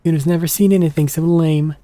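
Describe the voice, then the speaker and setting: A man's voice: fairly high pitch, steady tone, fast, dark tone, no echo, voice pushed up, close to an everyday voice. A man voicing a cocky, foul-mouthed young boy who talks brashly about himself in the third person.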